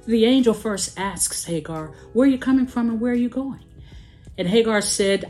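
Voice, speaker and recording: A woman preaching a sermon, slow and emphatic, with dramatic pauses and a sing-song rise and fall. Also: fairly low pitch, dark tone.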